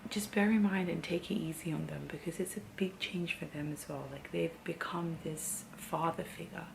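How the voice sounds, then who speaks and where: A woman's voice: lowish voice, fairly even intonation, normal speed, creaky, a little hiss or hum, low-quality recording. A young woman vlogging candidly and heartfelt about life after having a baby, rambling and getting teary as she talks. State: teary, emotional. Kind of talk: candid personal vlog.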